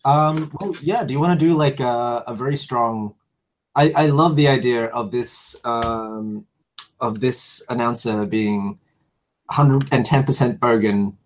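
A man's voice: mid-range voice, unhurried, slight background noise. A man with an Australian accent in easygoing casual chat.

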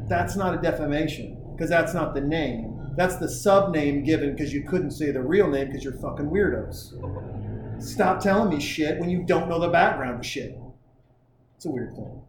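A man's voice: on the high side, animated, normal speed. Fired-up man rambling on a podcast. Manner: fired-up, rambling, profane tangents with laughs. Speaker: podcast host. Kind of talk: casual podcast conversation. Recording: echoey room with faint noise.

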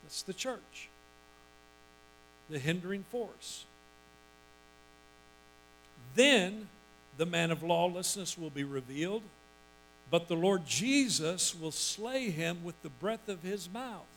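A male pastor with a fairly high voice delivers a sermon, swinging between steady scripture reading and sudden loud bursts of emphasis. Soft music plays faintly behind him. A low mains hum sits under the recording. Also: slow, poor audio. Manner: preaching with sudden bursts of emphasis and acted-out quotes.

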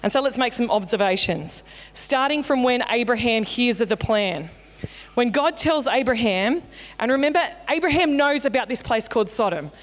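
A woman's voice: a little high, expressive, moderate pace. A woman pastor preaching a sermon in a conversational, playful storytelling way. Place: church auditorium. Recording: long hall reverb in a church.

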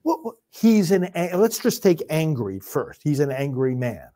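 A man's voice: on the high side, very animated, mellow. A priest giving an impassioned political commentary in a preaching cadence, firing off rhetorical questions and speeding up in bursts as he gets worked up. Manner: rapid bursts when worked up.

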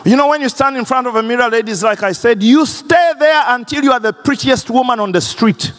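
A man preaching a sermon as pastor, impassioned and swinging between high and low registers. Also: fairly quick, fairly bright tone. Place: large church hall. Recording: long church reverb.

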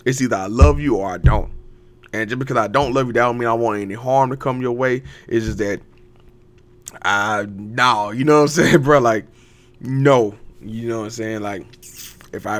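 A man's voice: medium pitch, moderate pace, a bit bright. Hyped, profane man in a rambling pep talk. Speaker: podcast host. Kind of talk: casual motivational monologue.

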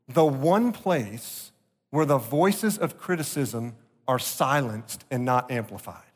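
A male pastor delivering an earnest sermon, slowing down to stress key points. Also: fairly high pitch. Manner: earnest preaching, slowing for emphasis. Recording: long reverb of a large hall.

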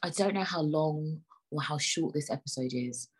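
A woman chats alone on her podcast, wandering from topic to topic with jokes at her own expense. Her voice sits low and has a husky grain to it. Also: normal speed, rough recording. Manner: joking, chatty, self-mocking. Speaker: podcast host. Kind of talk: rambling solo podcast chat.

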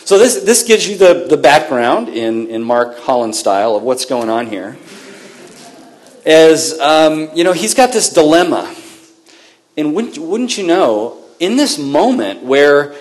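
A man as pastor, preaching a sermon in a conversational storytelling way, lively and often correcting himself mid-sentence. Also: fairly high pitch, a little slow.

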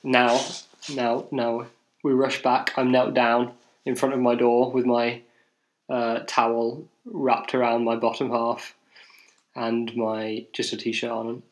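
Young english guy rambling through a story on a podcast, laughs at himself, lots of ums and restarts, mid-pitched voice. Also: monotone, slow pace, poor audio. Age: young adult. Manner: rambling, self-mocking, with many restarts and fillers. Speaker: podcast co-host. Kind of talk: casual storytelling chat.

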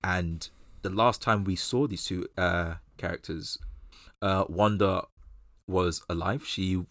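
Deep-voiced British man chatting about films. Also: fairly even intonation, slow, a bit bright, dry recording, studio quality. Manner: rambling, lots of restarts and fillers. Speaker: podcast co-host. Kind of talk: casual film discussion.

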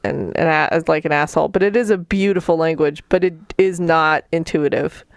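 A woman's voice: low-pitched, steady tone, fairly quick, gravelly, no echo, clean studio sound. A woman co-hosting a casual chat who reacts bluntly and swears freely. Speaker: podcast co-host. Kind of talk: casual book-recap chat.

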